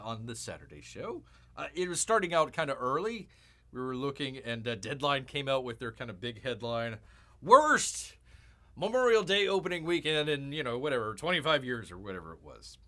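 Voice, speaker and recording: A man's voice: medium pitch, sharp tone. A man hosting a live show, rambling through casual commentary and calling himself Bear with jokey, mock-outraged asides.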